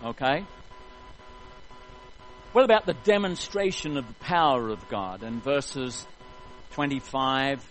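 A man preaching a sermon, retelling a story in an animated, jokey way. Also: medium pitch, slow, long pauses, soft background music, poor audio.

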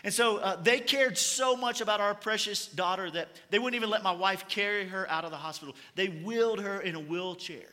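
A high, bright male voice, preaching a sermon in a relaxed storytelling manner with light humor. His words carry a long hall reverb, as if from a church auditorium. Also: a little fast, few pauses. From Kentucky. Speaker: pastor.

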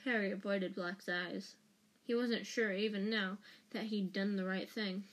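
A woman's voice: medium pitch, fairly even intonation, unhurried. A woman reads a chapter aloud for a fan audiobook in a casual, unpolished way. She stumbles, restarts lines and jokes about her own slips as she goes. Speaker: audiobook reader.

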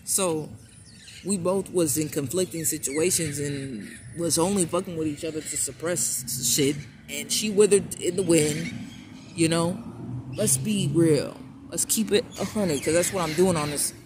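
A man's voice: on the high side, unhurried. Blunt, profane man telling a story. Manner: blunt, profane, with frequent restarts and repeats. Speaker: vlogger. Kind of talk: casual personal storytelling. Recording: clear steady background noise.

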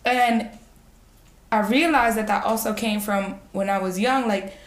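A young woman chatting casually, telling stories in a raw, blunt, animated way. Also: medium pitch, measured pace. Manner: blunt, raw, animated storytelling with bursts of laughter. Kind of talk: casual chat. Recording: echoey room.

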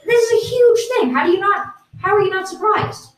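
A woman playing a self-proclaimed British guest who does not sound British. She rambles in deadpan nonsense on an improvised comedy podcast. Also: a little high, moderate pace, lightly acted. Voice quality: plain American-sounding voice. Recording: roomy, distant mic.

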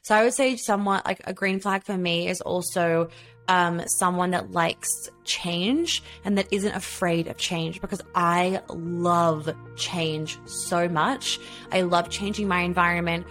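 A woman co-hosting a podcast in casual chat, candid and expressive, swearing freely. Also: fairly low pitch, unhurried, faint music behind. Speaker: podcast co-host.

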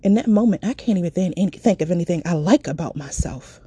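A woman's voice: on the low side, expressive, fast talker, warm tone, breathy edge. A woman telling a personal story in a raw, candid and profane way.

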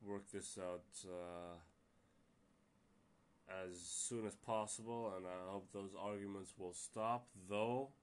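A man's voice: low voice, fairly even intonation, slow pace, slight background noise. A man hosting a casual solo podcast, rambling with many fillers and restarts and sounding exasperated. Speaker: podcast host.

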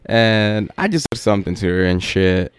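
A man's voice: on the low side, lively intonation, normal speed, clear, resonant tone, no room sound, clean studio sound. A young man hosting a podcast, telling a rambling story in a laid-back, profane way with lots of fillers. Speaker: podcast host.

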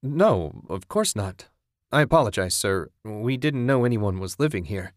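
A man's voice: fairly low pitch, big pitch swings, a little slow, no room sound, clean studio sound. A man voicing a polite, apologetic husband who is nervous around strangers.

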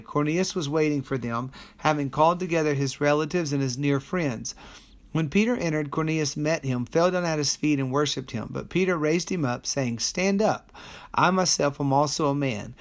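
A man leading a Bible study as a pastor, with a voice pitched slightly high. He reads scripture in a steady, measured way. When he explains the passage, he slows down and turns deliberate. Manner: steady reading with slow, deliberate commentary. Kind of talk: daily Bible study, reading scripture and teaching.

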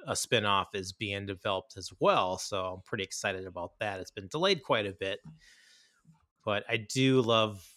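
A man's voice: on the low side, moderate pace, pushed and bright, no room sound, clean studio sound. A man co-hosting a casual chat about horror films, enthusiastic and rambling, with many fillers and restarts. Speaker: podcast co-host.

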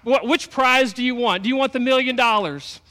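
A wealthy old West Texas rancher booms out his offer in a grand, hearty way, voiced by a preacher. The voice sits high. It rings in a long church reverb. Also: normal speed, bright, forceful tone.

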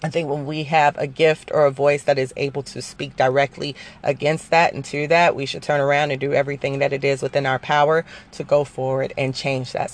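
A woman in her forties telling a personal story in a casual, profane, rambling way, full of fillers. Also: deep voice. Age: 40s.

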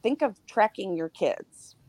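A middle-aged woman on a podcast panel, telling a personal story in casual chat with halting starts and fillers. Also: mid-range voice, lively intonation, a little mellow, no room sound.

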